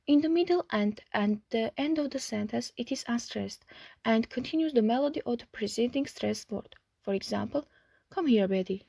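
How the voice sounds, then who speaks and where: A young woman student from Armenia reads an intonation lesson at a measured pace. Her voice is high and husky, and the recording is dry. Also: warm tone, no room sound. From Artsakh, Armenia. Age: young adult.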